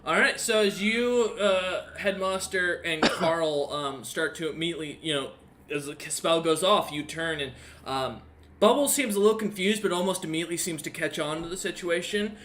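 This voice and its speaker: A man running a tabletop game as dungeon master, his voice a touch high. He narrates loosely, filling gaps with ums and uhs as he describes the scene. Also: moderate pace, a bit bright, slight background noise.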